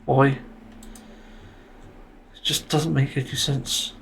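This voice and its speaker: A man's voice: mid-range voice, flat delivery, slow pace, gravelly, fairly bright tone, slight background noise. A man hosting a solo podcast, ranting in exasperation and swearing often. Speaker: podcast host.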